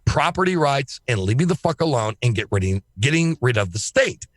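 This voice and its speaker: A man speaking as a guest on a podcast, talking in an emphatic, excitable way and swearing freely. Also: mid-range voice, brisk, no echo. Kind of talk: casual podcast chat.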